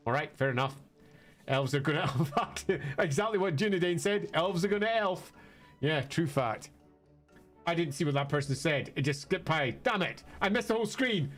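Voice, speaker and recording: Lively, high-voiced British man streaming. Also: moderate pace, faint music behind. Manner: playful, chatty, self-mocking asides. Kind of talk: let's play commentary.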